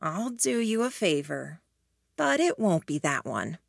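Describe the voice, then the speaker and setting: Woman voicing a sly teasing young man, soft dry delivery, low voice, dry sound. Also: sing-song, a little slow, vocal fry, dry recording, heavily acted.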